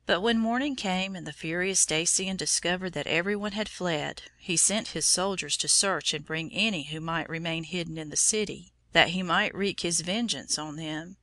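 Brief: woman narrator, low-ish, bright and crisp tone, measured storybook reading. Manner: measured and solemn.

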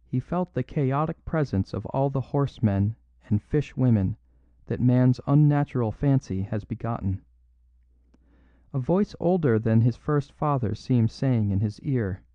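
A man reads a classic story aloud in a measured, steady manner. His voice sits in a middle pitch, and the recording is dull and dry. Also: dry recording. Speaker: audiobook narrator. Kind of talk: scripted narration.

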